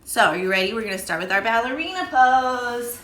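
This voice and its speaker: Leading children through yoga, this woman sounds high, bright and sing-song, expressive and a little fast as she encourages them playfully. She is heard from a distance, far from the microphone, in a very echoey room.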